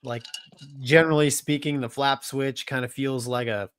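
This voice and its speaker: A man's voice: medium pitch, moderate pace, clear, resonant tone. A man co-hosting a casual aviation talk show, joking and explaining cockpit controls. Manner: relaxed, joking, talks with laughs. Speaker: co-host, former fighter and airline pilot.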